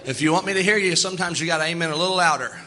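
A man preaching a sermon in a folksy, animated way, slipping into quoted asides. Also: on the high side, rapid-fire.

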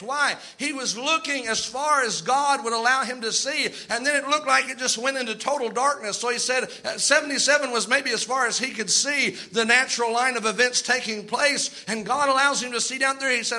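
A man's voice: extremely high pitch, fairly quick, hardly any pauses, sharp tone. A male pastor preaching a sermon to his church in an emphatic, conversational way, with asides and restarts.

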